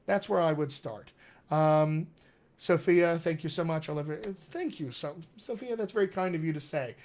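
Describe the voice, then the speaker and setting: Upbeat dialect coach, man, fairly high voice. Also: normal speed, a little mellow. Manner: upbeat, encouraging, talks straight to viewers. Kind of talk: live-stream Q&A, reading viewer questions.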